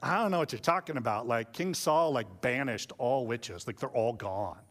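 A preacher voicing a wary, secretive woman medium who talks quickly and evasively. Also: medium pitch, fairly bright tone, in a large hall, voice pushed down, close to an everyday voice.

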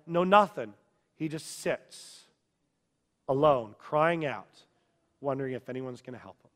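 High-voiced preacher in a reverberant hall. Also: male voice. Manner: dramatic storytelling, shifting from hushed to shouting. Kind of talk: sermon.

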